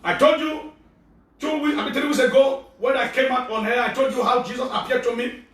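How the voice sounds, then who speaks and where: A man with a Nigerian accent preaching a fervent sermon, often shouting as he preaches. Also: extremely high pitch, fairly quick. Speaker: prophet preacher. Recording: very echoey, from far off.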